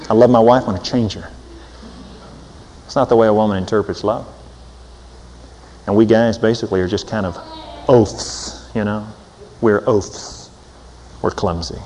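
Animated preacher man in a reverberant hall. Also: medium pitch, slight background noise. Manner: animated, humorous, swinging from loud to soft. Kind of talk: sermon.

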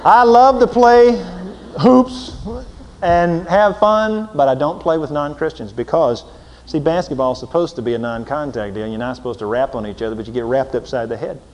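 A man preaching a folksy sermon, swinging from loud emphatic lines to low intense asides. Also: moderate pace, slight background noise. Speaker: pastor. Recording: long hall reverb.

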